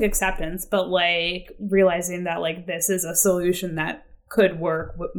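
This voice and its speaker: A young adult woman telling her recovery story as a podcast guest, rambling and self-deprecating, with lots of "like". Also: fairly low pitch. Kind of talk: casual conversational storytelling.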